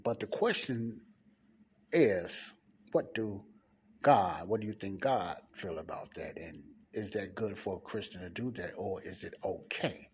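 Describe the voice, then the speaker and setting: A man with a very low voice talks close to his microphone, rambling and repeating himself as he hosts a preaching podcast. He keeps his voice low in a library study room, with faint street noise drifting in through a nearby window. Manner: rambling, repeats words, frequent fillers. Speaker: podcast host. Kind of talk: casual preaching monologue. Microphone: close to the mic. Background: faint traffic from outside.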